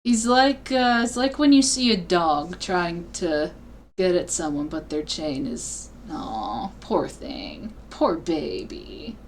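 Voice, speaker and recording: A young woman streaming a game, reacting with playful quick asides, on a webcam mic. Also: lowish voice, animated, a little hiss or hum. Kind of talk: casual let's-play commentary.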